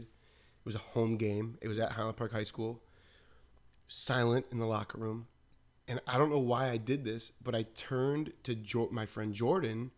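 A man co-hosting a podcast, telling stories casually and animatedly, saying "like" often. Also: mid-range voice. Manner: animated, acts out quotes, says "like" often. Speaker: podcast co-host. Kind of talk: casual storytelling chat.

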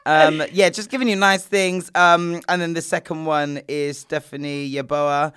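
A man's voice: fairly high pitch, steady tone, a little slow, fairly bright tone, clear, resonant tone. A man co-hosting a casual chat, playful and teasing with lots of slang. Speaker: podcast co-host.

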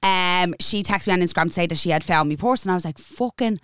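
Fast-talking Dublin woman telling stories. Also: fairly low pitch, smooth, no echo, studio quality. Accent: Irish, Dublin. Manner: fast, animated storytelling with laughs. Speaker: podcast co-host. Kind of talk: casual chat.

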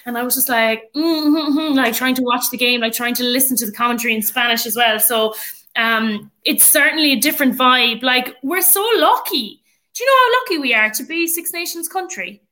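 Irish woman rugby coach, chatty podcast guest, bright punchy voice, lots of likes and ums. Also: high-pitched. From Ireland. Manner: chatty, many fillers, laughs often. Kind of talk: casual podcast chat.

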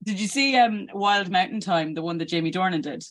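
An Irish interviewer chatting casually, with quick quoted asides. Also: mid-range voice, fairly bright tone.

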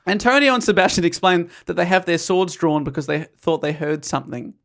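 A man casually retelling a play to friends, animated and laughing often. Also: a little high, a little fast. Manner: animated storyteller, laughs often, acts out quotes. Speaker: podcast host retelling a play. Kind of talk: casual chat.

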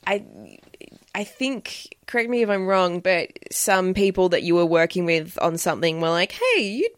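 A woman's voice: lowish voice, steady tone, normal speed, clear, resonant tone, no echo. A young woman hosting a podcast, chatting casually, teasing her guest and laughing often. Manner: giggly, teasing. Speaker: podcast host. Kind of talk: casual chat.

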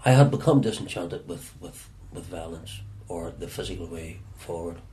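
A Northern Irish man telling stories from his past in an interview, often halting and repeating words as he searches for them. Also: low-pitched, mellow. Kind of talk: reflective storytelling.

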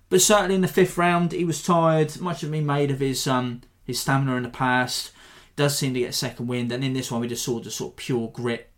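Rambling male fight-podcast host. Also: medium pitch. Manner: rambling, animated, self-deprecating. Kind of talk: casual fight analysis.

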